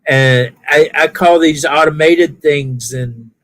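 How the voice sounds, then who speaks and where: Older man, Southern-Californian mixed accent, slow rambling chatter, easygoing. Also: a little high, fairly bright tone. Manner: rambling, self-correcting, easygoing. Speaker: viewer chatting on a live stream. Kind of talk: casual chat.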